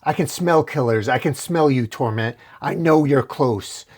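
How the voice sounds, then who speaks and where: A man reading out a snarling symbiote killer from a comic book. He shouts threats at a higher, louder pitch than his own voice and keeps a menacing edge. It is a comic recap voice rather than a full performance. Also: measured pace. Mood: raging. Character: murderous male symbiote villain, snarling and menacing.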